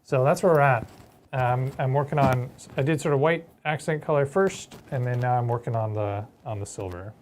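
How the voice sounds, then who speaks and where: A man co-hosting a hobby show, talking casually and haltingly about his painting progress. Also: mid-range voice, a little hiss or hum. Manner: hesitant, lots of ums while describing work. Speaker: co-host painting miniatures.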